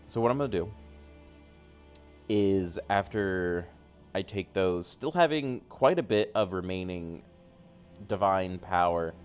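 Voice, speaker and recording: A man with a low, deep voice plays his character in a tabletop game. He describes his moves and then slips into measured, formal speech for the character's lines. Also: expressive, clear, resonant tone, soft background music. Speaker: player.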